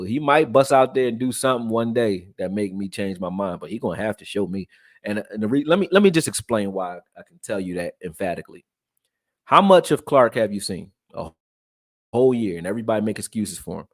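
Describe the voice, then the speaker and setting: A man from Texas, raised in Philadelphia, breaking down football film and reading chat on a live stream in a loose, profane, animated way. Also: on the low side, no room sound, clean studio sound. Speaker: sports commentary streamer.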